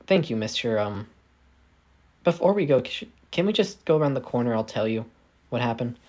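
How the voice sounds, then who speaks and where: A man's voice: mid-range voice, animated, moderate pace, a little mellow, natural voice. A man voicing a hurt, timid teenage girl who speaks hesitantly and apologetically, with stumbling restarts.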